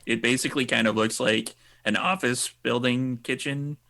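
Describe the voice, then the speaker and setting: A man running a tabletop role-playing game as its game master. His gravelly voice delivers the narration in a dry, offhand way. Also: medium pitch, steady tone, moderate pace, bright, forceful tone.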